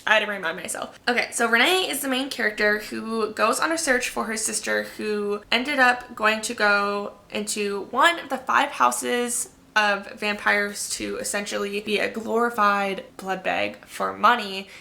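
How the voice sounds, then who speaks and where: A woman's voice: mid-range voice, steady tone, unhurried, gravelly, few pauses, bright, forceful tone. A woman in her twenties chatting casually about books to camera, gossipy and full of fillers. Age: 20s. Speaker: book vlogger. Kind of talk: casual book chat to camera.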